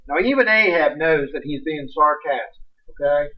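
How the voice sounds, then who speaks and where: A man preaching a sermon, animated and folksy, reading scripture aloud with sudden bursts of emphasis. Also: a little high, normal speed. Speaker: pastor. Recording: distant, muffled livestream audio.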